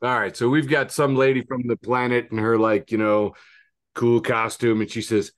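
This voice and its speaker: A man's voice: mid-range voice, level tone, moderate pace. A man co-hosting a podcast in casual comedic chat, upbeat and laughing at his own bits. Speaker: podcast co-host.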